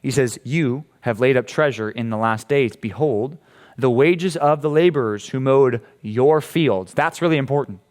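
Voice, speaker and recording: A man with an American accent preaching a casual, playful sermon to junior high students, often checking in with questions. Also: normal speed, a little mellow. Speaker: junior high youth pastor. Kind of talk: youth sermon.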